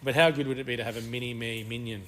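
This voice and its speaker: A man's voice: mid-range voice, steady tone, very fast, a bit bright, a little hiss or hum. A man co-hosting a podcast, rambling crudely through casual banter and swearing freely. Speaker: podcast co-host.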